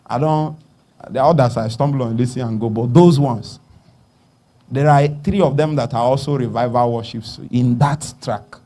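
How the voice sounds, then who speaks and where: A man with a Nigerian accent preaching a sermon, dropping to hushed murmurs and rising to loud calls, asking the congregation to finish his sentences. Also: mid-range voice, normal speed. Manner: call-and-response questions to the congregation.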